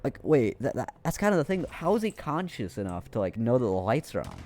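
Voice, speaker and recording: A man's voice: mid-range voice, big pitch swings, brisk, a little mellow. A young man casually telling a rambling, profane story with lots of restarts, as a streamer.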